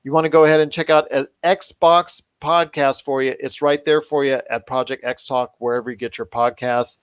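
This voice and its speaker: A man's voice: mid-range voice, fairly even intonation, normal speed, clean tone, dry recording. A man hosting a pop culture podcast, talking enthusiastically and rambling with restarts. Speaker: podcast host. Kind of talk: casual podcast chat.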